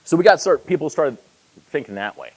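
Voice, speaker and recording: Man in his forties, keynote speaker, lively storytelling delivery, pitch swinging widely, self-deprecating humor. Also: a little fast, low-quality recording. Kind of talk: conference keynote speech. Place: conference hall.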